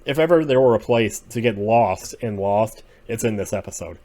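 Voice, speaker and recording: A man giving casual solo commentary as he ranks TV episodes, rambling and opinionated, drifting between quiet muttering and sudden outbursts. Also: on the low side, animated, moderate pace. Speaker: video creator ranking TV episodes.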